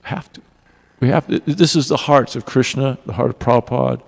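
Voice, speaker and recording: A man giving a devotional class in a temple hall, telling personal stories in an earnest, animated way. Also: medium pitch, fairly quick, creaky. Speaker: class speaker. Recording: long reverb of a hall.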